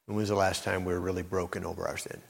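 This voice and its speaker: A man's voice: deep voice, little pitch movement, fast talker, gravelly. A male preacher giving a sermon, addressing the congregation directly with emphatic, building intensity. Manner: preaching with surging intensity, rising to near-shouted emphasis. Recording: long hall reverb.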